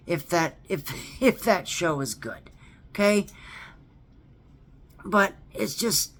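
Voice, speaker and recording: Man, casual rant, slow, stammering, repeats himself, emphatic, earnest. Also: high voice, bright, forceful tone. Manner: stammering, repeats words, keeps asking "okay?". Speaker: theme park fan vlogger. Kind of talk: ranting casual monologue.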